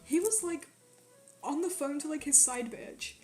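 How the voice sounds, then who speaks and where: A young woman from Quebec telling a story in a casual, animated way, swearing often and filling it with "like". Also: high-pitched, moderate pace, echoey room. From Quebec, Canada. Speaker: streamer. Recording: faint music behind.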